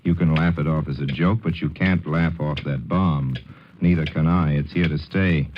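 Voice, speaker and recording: Deep-voiced man giving wry radio commentary. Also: fairly even intonation. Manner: wry, theatrical and deliberate. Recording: dull, hissy 1940s radio broadcast.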